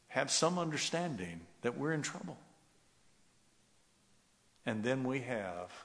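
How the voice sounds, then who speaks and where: A man preaching a sermon, swinging from loud rising exhortation to hushed, soft passages. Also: lowish voice, in a large hall. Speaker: pastor.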